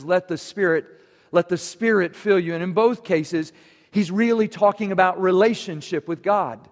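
Man, pastor, sermon, fairly high voice, earnest, long hall reverb. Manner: earnest preaching with emphatic rises. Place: church sanctuary.

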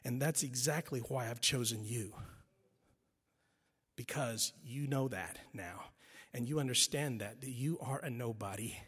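A man voicing God as a calm, firm male deity who speaks in a deliberate, steady way. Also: mid-range voice, breathy edge. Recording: long reverb in a large hall.

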